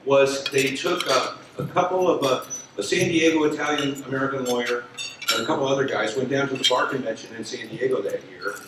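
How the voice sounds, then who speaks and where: A man's voice: medium pitch, a little fast. A man in his sixties reminiscing at an association event, rambling and conversational with many fillers and restarts. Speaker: lawyer telling a story at an association event. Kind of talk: spoken reminiscence to an audience. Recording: echoey room from far off, dinner noise. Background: clinking cutlery and dishes.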